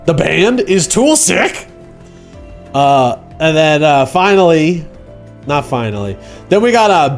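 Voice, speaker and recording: A man hosting a casual livestream, rambling and joking, acting out quoted shouts. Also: fairly high pitch. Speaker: livestream host.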